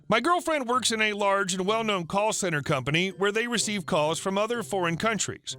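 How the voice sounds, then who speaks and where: Upbeat high-voiced male narrator, lively reading, soft music underneath. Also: a little fast, few pauses. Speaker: story narrator. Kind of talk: scripted narration of online stories.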